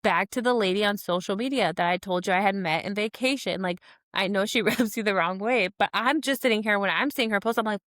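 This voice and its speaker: A woman's voice: mid-range voice, fairly quick, a bit bright, no echo, clean studio sound. A woman co-hosting a podcast in casual chat, rambling with lots of "like"s and restarts and laughing between thoughts. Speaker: podcast co-host.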